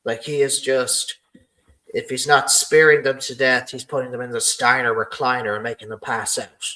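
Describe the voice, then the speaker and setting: A man hosting a podcast in loose, casual chat. He rambles and leans on "you know" often. His pitch sits in an ordinary middle range. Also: level tone, moderate pace, sharp tone, rough recording. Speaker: podcast host.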